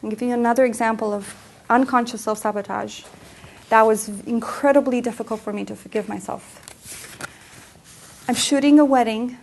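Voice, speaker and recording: A woman's voice: on the high side, fairly even intonation, moderate pace, creaky, long pauses, darkish tone, a little hiss or hum. Earnest woman coach giving a talk. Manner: earnest, personal storytelling. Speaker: emotional health coach. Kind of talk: presentation talk. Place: center for women presentation room.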